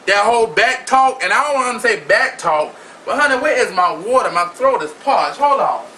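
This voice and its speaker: Sassy high-voiced gay man vlogging. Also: lively intonation, normal speed, sharp tone. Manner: sassy, profane and flamboyant. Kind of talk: casual gossip commentary. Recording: distant mic with faint noise.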